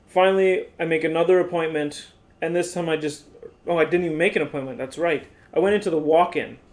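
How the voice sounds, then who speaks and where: A man's voice: fairly high pitch, fast. A man in his twenties telling his story in a casual, exasperated way, full of "like"s. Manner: animated, exasperated retelling with many "like"s.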